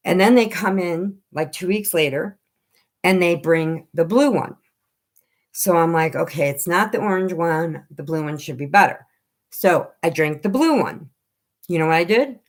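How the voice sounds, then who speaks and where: Chatty, animated woman telling stories. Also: on the low side, moderate pace. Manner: animated storyteller who acts out quoted voices. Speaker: live stream co-host. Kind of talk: casual live-stream chat.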